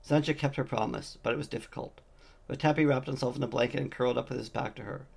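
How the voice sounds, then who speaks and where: A man's voice: mid-range voice, fairly even intonation, fast talker, gravelly, breathy edge. A man reading a fantasy novel aloud, voicing the dialogue lightly in his own voice. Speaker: audiobook reader.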